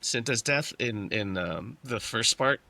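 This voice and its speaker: Bright-voiced man, dry sound. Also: medium pitch, expressive, a little slow, creaky, no echo. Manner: rambling, many restarts. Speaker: podcast guest. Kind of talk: casual chat.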